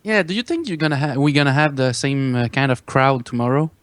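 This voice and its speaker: A man calling in to a wrestling show, talking in a slow, halting way. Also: medium pitch, no echo. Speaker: caller. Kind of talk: casual call-in chat.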